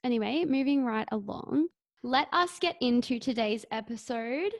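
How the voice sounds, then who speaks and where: A woman's voice: a little high, moderate pace, no echo. A young woman co-hosting a podcast, telling an embarrassing story in an easygoing, amused way. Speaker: podcast co-host. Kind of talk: casual chat.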